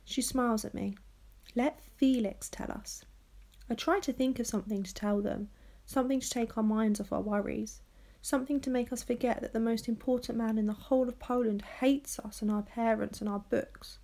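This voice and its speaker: A woman's voice: a little high, fairly even intonation, brisk, warm tone. A woman teacher reading a children's novel aloud to her class, telling it steadily and switching into voices for the characters.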